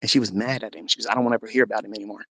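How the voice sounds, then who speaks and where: Gravelly man telling a personal story. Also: on the low side, steady tone, racing, bright, forceful tone, no room sound. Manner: earnest storytelling, acts out quotes with rising intensity. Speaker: host. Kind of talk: personal testimony to a live audio room.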